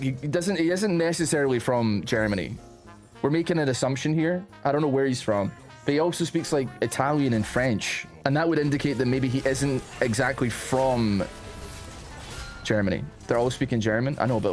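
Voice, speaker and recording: A man's voice: medium pitch, brisk, a little mellow, faint music behind. A man streaming casual reaction commentary, rambling and joking with plenty of swearing.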